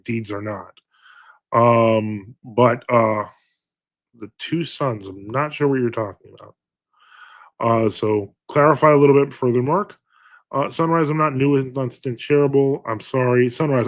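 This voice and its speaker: A man's voice: mid-range voice, fairly bright tone. Chatty, rambling male priest streamer. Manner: rambling, many fillers, wry self-mocking humor. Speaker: Orthodox priest hosting a livestream. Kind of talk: casual livestream chat reading viewer comments.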